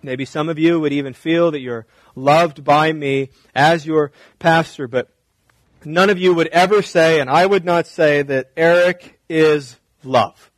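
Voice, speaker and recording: A man preaching a sermon as pastor in a church, repeating short phrases and swinging from loud emphasis down to hushed, quiet lines. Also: fairly high pitch, unhurried, no room sound.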